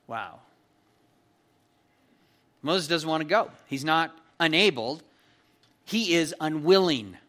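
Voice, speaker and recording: Guy giving a bible sermon, kinda high voice, punchy and chatty, keeps asking okay?. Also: expressive, slow, long pauses, fairly bright tone. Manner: conversational and emphatic, checks in with "okay?". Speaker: pastor. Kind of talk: expository sermon.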